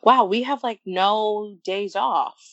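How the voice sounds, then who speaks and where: Gravelly young woman from Brooklyn. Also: mid-range voice, takes it slowly, no room sound. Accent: New York. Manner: chatty, laughs often, says "like" a lot. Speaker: podcast co-host. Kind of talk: casual chat. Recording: dull lo-fi dry sound.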